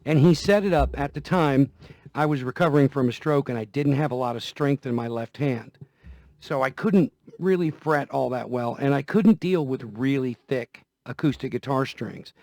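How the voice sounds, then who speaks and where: A man's voice: medium pitch, normal speed, darkish tone, dry recording. A man talking casually and folksily about guitar care, repeating himself as he goes, with a guitar heard now and then. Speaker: guitar vlogger. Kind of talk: casual demonstration talk. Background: guitar playing.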